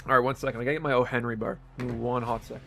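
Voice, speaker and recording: A man's voice: medium pitch, flat delivery, rapid-fire, creaky, fairly bright tone, faint music behind. A man live-streaming games, chatting casually with viewers and laughing often. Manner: laid-back, laughs often, chats with viewers.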